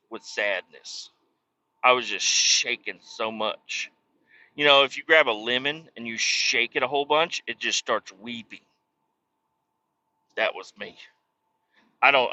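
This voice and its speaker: A man's voice: mid-range voice, sharp tone, dull audio. A man hosting a podcast, telling a rambling, profane, self-mocking comic story. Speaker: podcast host. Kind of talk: comedic storytelling monologue.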